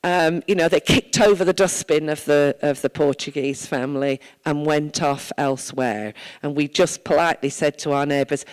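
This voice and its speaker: A woman's voice: low voice, normal speed, rough recording. A woman from Wales, a town mayor, giving an earnest, conversational address at a church service and telling stories from her own life.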